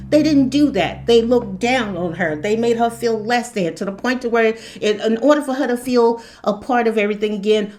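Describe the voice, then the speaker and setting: A woman with a fairly high voice talks through a spoken commentary. She is impassioned and keeps pressing rhetorical questions. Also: normal speed, hardly any pauses, darkish tone. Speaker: spiritual commentator.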